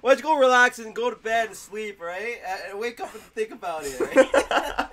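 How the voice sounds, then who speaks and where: A man co-hosting a movie reaction, swearing and laughing loudly. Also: extremely high pitch, lively intonation, normal speed, a crowd in the background. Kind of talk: casual reaction chat.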